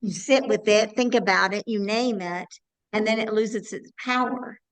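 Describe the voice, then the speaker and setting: A woman's voice: medium pitch, moderate pace, low-quality recording. A woman on a video call in an online class, earnestly explaining her point with examples. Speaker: class participant.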